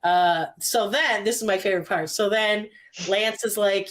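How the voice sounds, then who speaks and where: A woman's voice: mid-range voice, fairly even intonation, normal speed, fairly bright tone. A woman hosting a podcast, chatting casually and retelling stories by quoting others. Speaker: podcast host. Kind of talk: casual chat.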